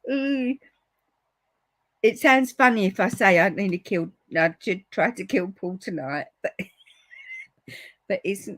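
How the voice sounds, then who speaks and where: Slow-talking woman demonstrating crafts. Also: medium pitch, husky, no echo. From United Kingdom. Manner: chatty, talks to viewers while colouring. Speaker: papercraft demonstrator. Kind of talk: casual live craft demonstration.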